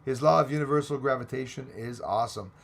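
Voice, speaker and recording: A man with a Texan twang hosts a casual live chat, working through viewer comments one after another. His voice carries a gravelly fry, and his talk runs chatty and rambling, with excitable turns. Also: medium pitch, quick pace. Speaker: livestream host reading chat.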